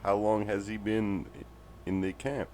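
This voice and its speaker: A man playing a tabletop game who asks halting, hesitant questions. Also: on the low side, level tone, darkish tone, a little hiss or hum. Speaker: player.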